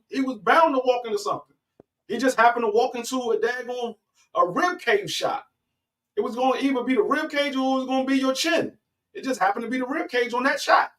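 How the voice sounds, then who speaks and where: Man in casual boxing talk, halting, restarts a lot, climbs high when arguing, a bit far from the mic. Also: sharp tone. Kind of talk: casual sports chat.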